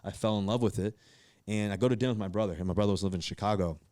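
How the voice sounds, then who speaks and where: A man's voice: fairly low pitch, racing, no room sound. A man in his thirties from Virginia, a guest telling stories in a casual podcast chat, acting out the voices of people he quotes. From Virginia, USA. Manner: animated, acts out quoted voices, many fillers and restarts. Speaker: guest, pro football quarterback.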